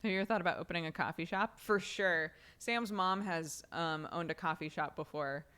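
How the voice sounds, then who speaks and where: A woman's voice: on the low side, brisk, a bit bright, clear, resonant tone. A woman streamer chatting casually with her viewers, rambling with lots of filler words, swearing and laughing often. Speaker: streamer answering chat. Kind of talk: casual live-stream chat.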